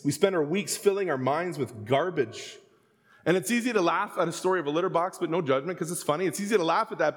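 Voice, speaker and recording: A man in his thirties preaching a sermon, telling stories and acting out the voices, sometimes rising to a shout. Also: sits high. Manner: storytelling, acts out quoted voices, rising to shouts. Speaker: pastor. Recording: long hall reverb.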